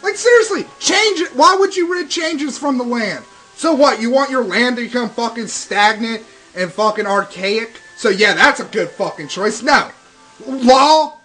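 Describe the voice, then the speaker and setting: High-pitched ranting young man. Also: animated, a little slow, sharp tone, rough recording. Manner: ranting, sarcastic, swears constantly. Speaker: let's play commentator. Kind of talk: profane game commentary. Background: game music.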